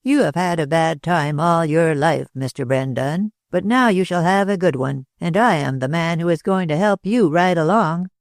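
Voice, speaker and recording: A man voicing a talkative older man with an American accent, speaking slowly and dryly in a drawl. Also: fairly high pitch, dry recording, close to an everyday voice. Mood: cool. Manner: drawling, slow and dry.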